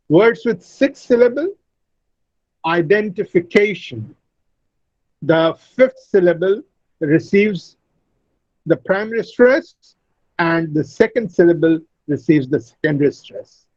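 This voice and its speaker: A man teaching English word stress in an online lecture, speaking deliberately and repeating each word to model it. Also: fairly high pitch, a little mellow, husky, no echo, dull audio. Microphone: computer mic on a video call.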